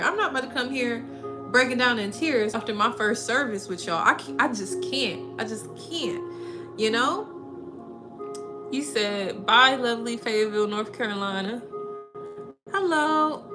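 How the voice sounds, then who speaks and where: A young woman from Minnesota, hosting a casual livestream and telling a story in an animated, slangy way with bursts of laughter. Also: on the high side. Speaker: livestream host. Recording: music playing behind.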